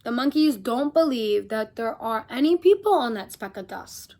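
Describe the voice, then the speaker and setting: A woman reading a picture book aloud to children, animated, and stopping to talk to her young listeners. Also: fairly high pitch, normal speed. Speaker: storyteller.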